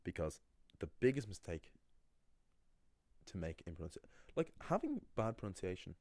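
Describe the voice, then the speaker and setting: A man teaching pronunciation in a casual video lesson, talking in an animated way and acting out the voices he quotes. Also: sits low, normal speed, no echo. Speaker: language teacher.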